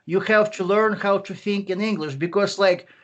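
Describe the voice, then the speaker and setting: Russian guy on a video call, highish voice, lots of uhs and restarts. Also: fairly bright tone, highs cut off. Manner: halting, many fillers and restarts. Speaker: interviewee, English teacher. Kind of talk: online interview.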